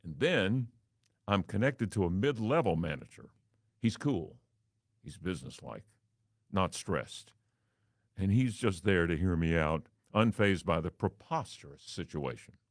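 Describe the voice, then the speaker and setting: A man with a baritone voice, hosting and telling a wry, theatrical story as a monologue. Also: very animated, a little slow, pauses often, no room sound, studio quality. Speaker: radio and TV host.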